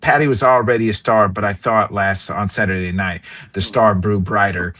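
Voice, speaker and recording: Male fight analyst guest, lowish voice, casual rambling storyteller. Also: fairly even intonation, normal speed, a bit bright. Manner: rambling, storytelling, filler-heavy. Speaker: combat sports analyst guest. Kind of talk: casual sports talk.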